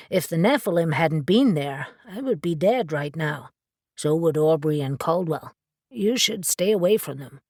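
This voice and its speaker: Brief: woman reading a sardonic tough-guy dealer, low voice, blunt and profane. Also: dry recording, clean studio sound. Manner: blunt, sarcastic, swears. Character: gruff blunt male supernatural dealer.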